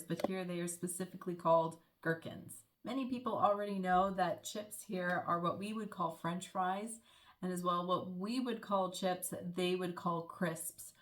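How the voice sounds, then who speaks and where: A young American woman living abroad, explaining local words in a friendly, chatty vlog with the odd small laugh. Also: fairly low pitch. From United States. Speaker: vlogger.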